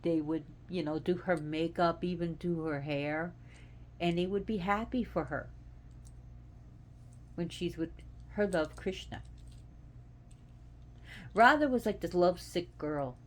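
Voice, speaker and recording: A woman hosting a casual devotional talk, speaking in an earnest, animated, conversational way. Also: lowish voice, unhurried, long pauses. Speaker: host.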